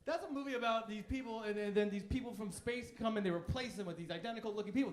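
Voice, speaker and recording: Man in his thirties, stand-up comic, high voice, cocky and crude, echoey club room. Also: fast. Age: 30s. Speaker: stand-up comedian. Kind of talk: stand-up routine. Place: comedy club stage.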